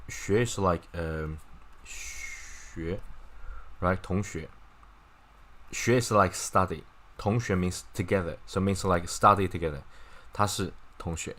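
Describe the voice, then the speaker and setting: A man's voice: sits low, fairly bright tone. A man runs an informal Chinese lesson. He talks in a loose, chatty way, keeps checking with "right?" and "okay?", and drops wry, mocking remarks along the way. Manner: wry, mocking asides with laughs. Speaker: Chinese language teacher. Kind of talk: casual online lesson.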